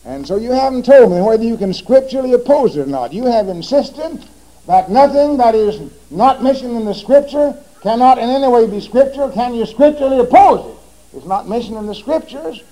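A man's voice: high voice, mellow, poor audio. A man giving a formal religious debate speech, pressing his opponent with repeated rhetorical questions.

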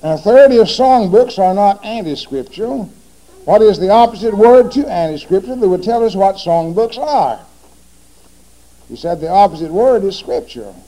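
A man's voice: high voice, lively intonation, moderate pace, dark tone, rough recording. A man giving a formal religious debate speech, pressing his opponent with repeated rhetorical questions.

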